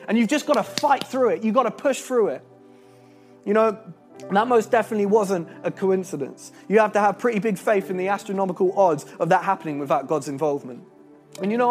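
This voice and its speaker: Young male preacher, high voice, earnest storytelling sermon over faint music. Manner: earnest and animated, with restarts and laughs.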